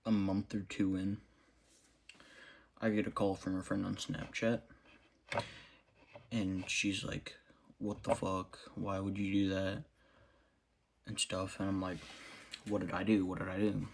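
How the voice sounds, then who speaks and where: Low gravelly young guy telling a story slow, quiet, halting. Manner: quiet, halting, many fillers and restarts. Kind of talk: storytelling monologue.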